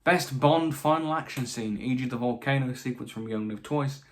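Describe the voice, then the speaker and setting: A man's voice: medium pitch, normal speed. A young British man answering viewer questions in a casual chat, with frequent restarts and dry asides, his voice a little tired late at night. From Britain. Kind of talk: casual Q&A monologue.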